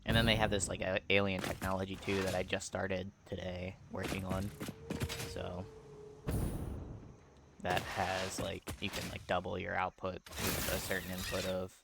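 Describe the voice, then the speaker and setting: A man's voice: deep voice, completely flat delivery, normal speed, vocal fry. A man losing his voice, rambling casually as he plays and comments on a factory-building game. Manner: rambling, filler-heavy, laid-back. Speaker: gaming video creator. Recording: loud game music behind.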